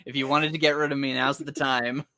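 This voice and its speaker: A man co-hosting a casual chat, ranting with a lively voice that jumps high when worked up. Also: a little fast, dry recording, studio quality. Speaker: podcast co-host.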